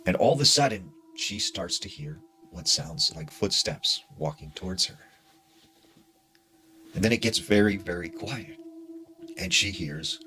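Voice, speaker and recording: A man narrating a spooky true story in a hushed, dramatic way with casual fillers. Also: deep voice, animated, unhurried, long pauses, slight background noise.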